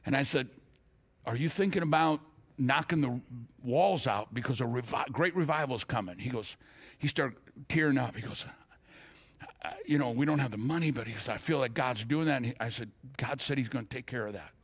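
A man's voice: medium pitch, a little fast, slightly rough. An older man, a pastor, telling a personal story in a sermon, acting out the dialogue with frequent restarts and stammers.

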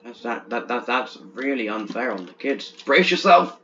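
A young man with an average-pitched voice does let's-play commentary on a horror game for his gaming channel, talking at a moderate pace. Chatty and jumpy, he gets excited easily and stammers in bursts, over a dull lo-fi recording with faint hiss.

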